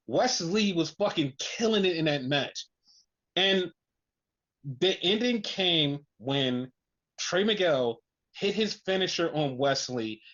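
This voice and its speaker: A podcast host retells wrestling matches in loose, excited chat, swearing freely and leaning on "like" as a filler. The voice sits at a middling pitch, and the recording sounds dull and lo-fi. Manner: excited, profane storytelling with many "like" fillers. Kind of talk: casual wrestling recap chat.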